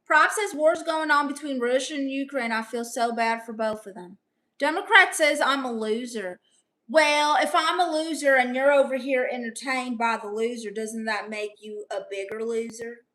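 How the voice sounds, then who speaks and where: A young woman on a live stream reads out viewer comments and answers them with brash, sassy comebacks. Her voice sits high and bright, with a sharp, forward edge. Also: normal speed.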